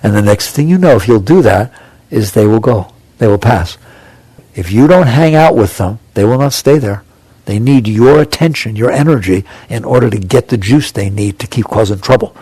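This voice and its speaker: A man's voice: on the low side, lively intonation, normal speed, mellow, slightly rough, no echo. A man giving a conversational spiritual talk to an audience, acting out inner voices with small chuckles. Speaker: spiritual teacher.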